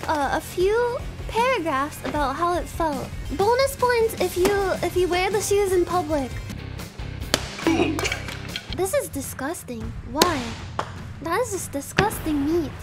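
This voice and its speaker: Very high-voiced woman streamer. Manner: animated, shrieking and laughing, swears freely. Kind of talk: casual stream reaction.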